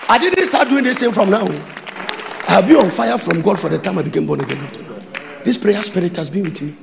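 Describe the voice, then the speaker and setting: A Ghanaian man preaching to his congregation, his high voice leaping wildly up and down as he swings into shouts and sung lines. There is a gravelly edge to his tone, and a long hall reverb trails every phrase. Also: lively intonation, brisk, a crowd in the background, noisy background. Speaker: pastor. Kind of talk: sermon.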